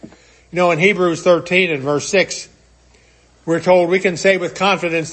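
A man's voice: high voice, moderate pace, a bit bright. A man preaching a sermon, earnestly retelling a scripture story and acting out its quotes.

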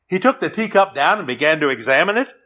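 A man preaching a sermon in an earnest, measured way. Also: a little high, very animated, pushed and bright. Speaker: pastor.

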